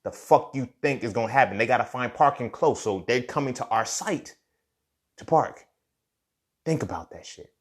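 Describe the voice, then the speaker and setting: A young man hosting a casual motivational monologue, swearing freely and telling a story while often asking if you follow him. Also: mid-range voice. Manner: profane, storytelling, keeps asking "you feel me". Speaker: podcast host.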